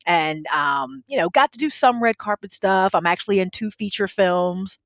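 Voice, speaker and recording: Animated storytelling woman, dull audio. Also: medium pitch, normal speed, gravelly, no room sound. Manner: animated, laughs often, repeats words. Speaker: guest, tech lifestyle expert. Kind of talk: conversational storytelling.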